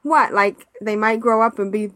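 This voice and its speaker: A woman's voice: mid-range voice, moderate pace, bright, forceful tone, no room sound. A woman co-hosting a casual gaming podcast, chatting, laughing often and reading out listener emails. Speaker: podcast co-host. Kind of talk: casual chat.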